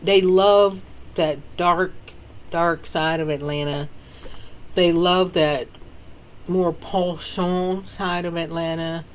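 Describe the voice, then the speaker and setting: A woman author from the American South with a Southern accent, telling stories casually in a sassy, animated way with frequent laughter. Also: fairly low pitch, takes it slowly, poor audio. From Southern United States. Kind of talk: casual storytelling.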